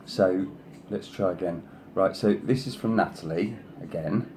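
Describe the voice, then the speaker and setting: A man's voice: measured pace, a little mellow, slight background noise. A man hosting a craft video, showing design samples in a casual, rambling way and praising each one at length. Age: adult, sister past thirty. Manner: effusive, rambling with many "you know"s; coaxes his pet in a higher voice. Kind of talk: casual show-and-tell.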